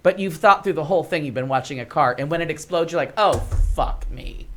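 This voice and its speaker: A woman's voice: low voice, fast talker. An American woman co-hosting a talk show, telling a long story in casual chat and filling it with "like". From United States. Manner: animated storyteller, lots of "like". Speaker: podcast co-host.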